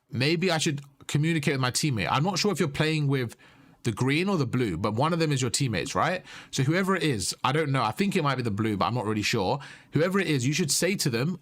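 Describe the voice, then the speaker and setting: Guy breaking down a match for a student, keeps repeating himself, "you see?". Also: medium pitch. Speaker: game coach. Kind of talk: coaching commentary over gameplay.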